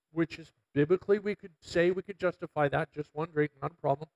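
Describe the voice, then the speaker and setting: A man's voice: fairly high pitch, low-quality recording. Man preaching a conversational sermon. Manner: conversational preaching with storytelling and quoted asides. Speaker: pastor.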